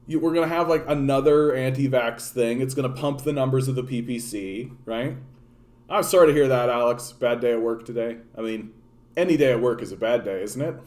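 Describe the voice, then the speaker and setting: Canadian man, political streamer, mid-pitched voice, profane sardonic rambling to chat. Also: brisk, a little mellow. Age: adult, grown since his younger days. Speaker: political livestream host. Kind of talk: casual rant to live chat.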